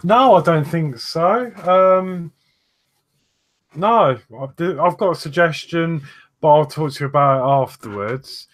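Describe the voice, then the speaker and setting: A man's voice: fairly high pitch, animated, unhurried. A man co-hosting a livestream, speaking hesitantly with many ums but enthusiastic praise. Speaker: stream co-host. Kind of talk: casual livestream chat.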